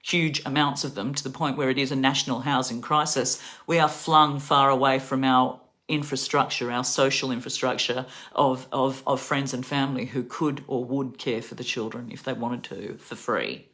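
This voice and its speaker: A middle-aged Australian woman livestreams a political rant to camera, angry, profane and rambling, yet sounding tired. Her voice is a rumbling low with a fairly bright tone, steady and at normal speed with few pauses.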